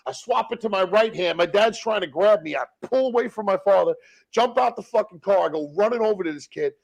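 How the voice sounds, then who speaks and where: A man telling rough stories as a podcast guest, in blunt, profane street slang. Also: sits high, expressive, fairly quick. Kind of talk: casual storytelling.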